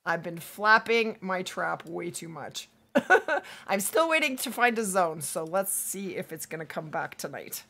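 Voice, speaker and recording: A woman streamer chats with her viewers while playing, upbeat and quick to laugh, her voice hoarse after a long week of streaming. Her tone is bright and crisp, and her pitch swings widely, jumping high when she gets excited and dropping low when she goes quiet to aim. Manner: upbeat, chatty, reads chat aloud, quick to laugh. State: losing her voice. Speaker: livestream gaming host. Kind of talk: casual livestream chat while playing.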